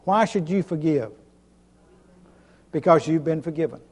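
A pastor preaching an emphatic sermon, repeating himself and chuckling between points. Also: male voice, fairly high pitch, measured pace, darkish tone, breathy edge. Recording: long hall reverb.

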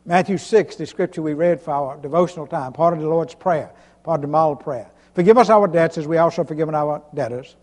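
A pastor preaching an emphatic sermon, repeating himself and chuckling between points. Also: male voice, on the high side, fairly quick, darkish tone. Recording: long hall reverb.

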